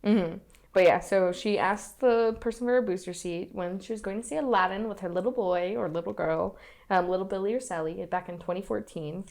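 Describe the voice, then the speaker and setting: A woman's voice: mid-range voice, brisk, creaky, a little mellow. Young woman podcaster, giggly and playful, casual ghost story chat. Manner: giggly, playful, puts on silly voices. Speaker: podcast co-host.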